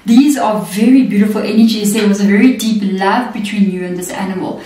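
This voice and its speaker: With a warm, medium-pitched voice, a woman reads tarot briskly in a casual spiritual session. The mic sits at a distance in an echoey room, and she keeps checking in with "okay" and "you know what I mean."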